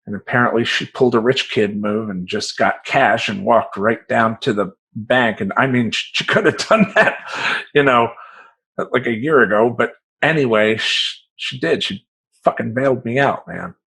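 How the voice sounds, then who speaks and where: A man who works as a life coach, telling a personal story in a profane, rambling, animated way. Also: on the low side, creaky, slightly rough, poor audio.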